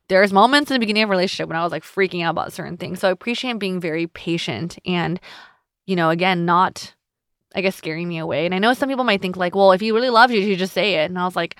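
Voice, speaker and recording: Candid, smooth-voiced young woman podcaster. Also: fairly low pitch, fast, a bit bright, no echo, clean studio sound. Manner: candid and tender, with frequent restarts. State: a little emotional. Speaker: podcast host. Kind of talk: personal reflective podcast talk.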